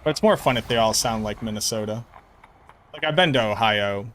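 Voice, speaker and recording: Joking, profane game streamer. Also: male voice, on the low side, a little fast, fairly bright tone, slight background noise. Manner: joking, profane, riffs on chat comments. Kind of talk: casual live-stream chat with viewers.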